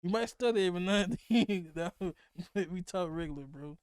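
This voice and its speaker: A young man with a Mississippi accent hosting a casual podcast chat, talking fast, laughing often and cursing freely. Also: sits high, clean tone, no room sound, studio quality. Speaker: podcast host.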